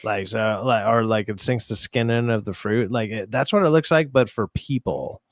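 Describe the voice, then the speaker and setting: A man's voice: lowish voice, moderate pace, no room sound. Male podcast co-host, casual and crude, dry close sound. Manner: crude, joking, puts on silly voices. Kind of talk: casual chat.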